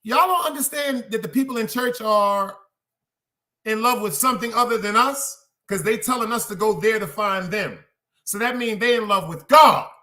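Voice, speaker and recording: A man hosting a podcast in a high, bright voice, preaching to his listeners with blunt, profane force. He keeps putting questions to the audience and talks in a heavy style. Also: normal speed. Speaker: podcast host. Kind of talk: casual preaching monologue to a live chat.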